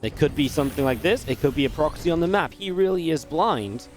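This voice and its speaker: A man casting a real-time strategy match alone, in energetic play-by-play commentary with chatty asides. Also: on the high side, a little fast, faint music behind. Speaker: esports caster. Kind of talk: solo play-by-play game commentary.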